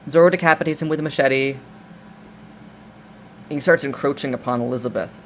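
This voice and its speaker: A man's voice: medium pitch, a little fast, pauses often, slight background noise. A man recapping a film in a casual, rambling, jokey way, full of restarts and asides. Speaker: video essayist.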